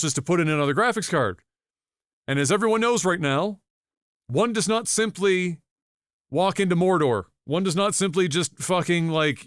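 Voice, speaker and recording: A man's voice: on the high side, smooth, dry recording, studio quality. A man co-hosting a podcast, telling a story casually with lots of swearing and acted-out reactions. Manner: animated, profane, acts out his own reactions. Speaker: podcast co-host.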